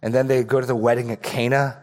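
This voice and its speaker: A man's voice: mid-range voice, flat delivery, fast talker, darkish tone. A man preaching an expository sermon as pastor, earnest and given to repeating words for emphasis.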